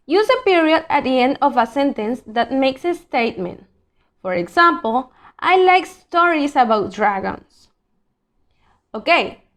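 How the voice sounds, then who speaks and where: Slow, high-voiced woman teaching children. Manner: slow, clear, patient classroom delivery. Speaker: English teacher. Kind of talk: recorded online lesson for children.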